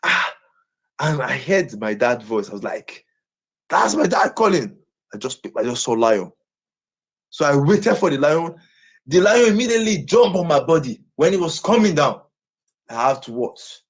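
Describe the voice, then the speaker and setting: Husky-voiced boastful man. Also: fairly high pitch, big pitch swings, moderate pace, long pauses. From Nigeria. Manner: boastful, repeats himself over and over. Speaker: live streamer. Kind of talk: live stream talk.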